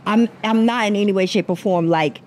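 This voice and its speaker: A woman's voice: mid-range voice, fairly quick, a little mellow, slight background noise. An American woman, a guest actress, talking frankly and emphatically in casual chat and laughing easily. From United States.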